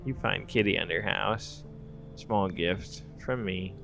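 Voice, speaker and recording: A man voicing a mysterious ballerina stranger who speaks slow, broken, cryptic English. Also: low voice, creaky, sharp tone, soft background music, full character voice. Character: eerie, terse female ballerina stranger.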